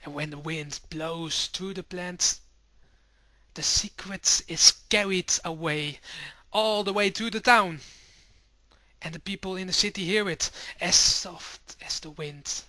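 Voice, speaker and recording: A man telling a children's fairy tale, slow and expressive. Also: high-pitched, no room sound. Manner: slow, expressive, puts on villagers' voices. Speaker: storyteller. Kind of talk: storytelling to children.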